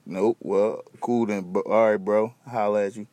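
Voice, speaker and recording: A man's voice: low voice, fairly even intonation, moderate pace, darkish tone, no echo. A young man hosting a podcast, rambling in loose, slangy, profane casual chat. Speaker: podcast host.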